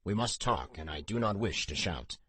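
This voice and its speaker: A male narrator gives voice to a soft-spoken older court official, formal and measured in his speech. He sits low and hushed, with a husky edge and gentle reassurance in every phrase. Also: animated, no echo, full character voice. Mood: probing.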